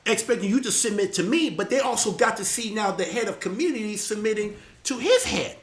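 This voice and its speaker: A man hosting a live church talk show, preaching casually and getting animated, often repeating his words and sometimes shouting. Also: sits high, brisk, reverberant.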